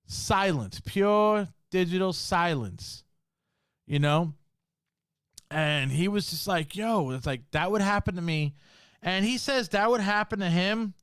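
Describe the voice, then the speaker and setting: A man's voice: high voice, no room sound, clean studio sound. A man hosting a podcast, telling a spooky story from work in a casual, slangy way, full of swearing and "bro". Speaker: podcast host.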